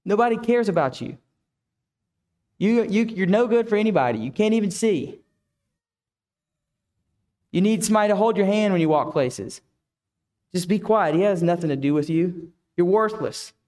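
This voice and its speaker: A man's voice: high voice, lively intonation, normal speed, long pauses, darkish tone, voice pushed up. Man voicing a scornful, dismissive crowd. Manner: contemptuous, dismissive. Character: scornful crowd rebuking beggars.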